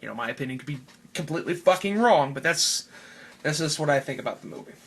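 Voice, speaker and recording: A man's voice: on the high side, expressive, quick pace, slightly rough. A man giving a casual, rambling movie review, swearing freely and leaning on "you know". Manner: profane, rambling, heavy "you know" fillers. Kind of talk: casual spoken review rant.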